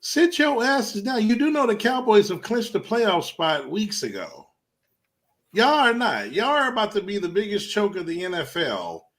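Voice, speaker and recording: A man with rants hotly about rival fans on a casual podcast. His pitch sits a little high and moves a lot, and he swears freely. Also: huge pitch swings, normal speed, fairly bright tone. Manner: heated, profane, emphatic ranting. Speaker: podcast co-host. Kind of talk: casual sports rant.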